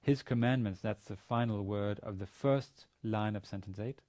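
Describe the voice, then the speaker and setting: A man's voice: lowish voice, normal speed, mellow. A man teaching a university Biblical Hebrew lesson, reading sentences aloud, translating them and explaining the grammar step by step. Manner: methodical, reads Hebrew then translates and explains. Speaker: university lecturer.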